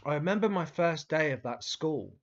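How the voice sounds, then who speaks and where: A man's voice: on the high side, expressive, normal speed, highs cut off. A man telling childhood stories to camera in a casual, rambling way, with frequent restarts, fillers and the odd swear word. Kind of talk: casual storytelling monologue.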